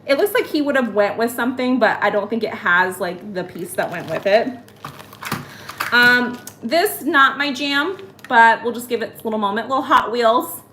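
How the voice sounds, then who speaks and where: A woman in her thirties hosting a casual live-stream haul, chatty and excitable as she talks to viewers by name. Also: fairly high pitch, normal speed, slight background noise. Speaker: host. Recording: echoey room.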